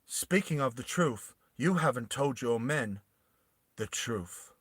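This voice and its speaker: A man voicing a cold, menacing woman who has been secretly watching a group of soldiers, speaking quietly and low. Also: fairly even intonation, takes it slowly, no room sound. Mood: cold menace.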